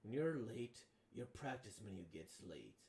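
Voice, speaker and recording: A performer voicing a calm older teen boy, a team senior who speaks in a steady, low-key way. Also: moderate pace, gravelly, roomy sound. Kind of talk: manga dub reading.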